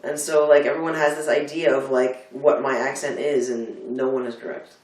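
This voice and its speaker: A man's voice: medium pitch, level tone, moderate pace, recorded from a distance. A man from Delaware County with a Philadelphia-area American accent, telling rambling, filler-heavy stories in a casual chat. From Delaware County, United States. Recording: echoey room, off-mic.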